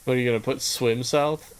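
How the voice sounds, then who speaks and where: Man, game streamer, casual chat, slow talker, laughs often, thinks aloud. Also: mid-range voice, a little hiss or hum.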